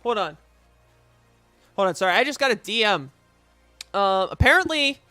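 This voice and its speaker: Excitable high-voiced male streamer. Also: moderate pace, no room sound, faint music behind. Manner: rambling, profane, excitable. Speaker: streamer and host. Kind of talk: casual live-stream reaction chat.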